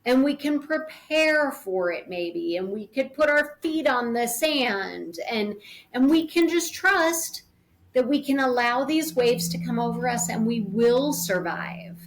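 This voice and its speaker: A woman's voice: a little high, lively intonation, takes it slowly. Earnest woman speaking about grief. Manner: earnest, thoughtful, explains with imagery. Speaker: podcast guest on grief. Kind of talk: reflective conversational interview.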